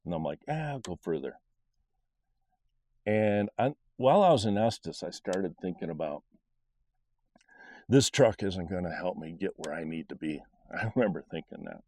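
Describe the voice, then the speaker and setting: Deep voiced middle aged guy rambling thru his faith story, earnest and chatty. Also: lively intonation, moderate pace, pauses often, darkish tone, dry recording. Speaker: podcast storyteller. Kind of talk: personal faith testimony.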